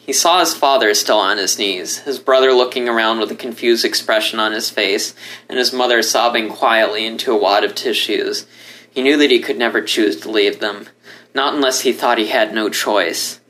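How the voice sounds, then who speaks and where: A man reading a story aloud as narrator, in a steady, expressive way. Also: lowish voice, normal speed. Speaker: story reader. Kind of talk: audiobook narration.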